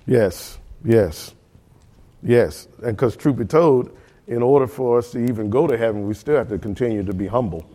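A man teaching a Bible study class at an ordinary middle pitch. He keeps asking the group questions and checking that they follow. He repeats key words to drive the point home. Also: moderate pace, mellow.

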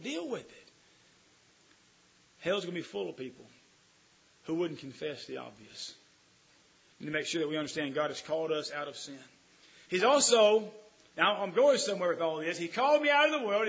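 A man preaching a sermon, folksy and emphatic, swinging from quiet asides to loud declarations. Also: on the high side, husky, dull audio.

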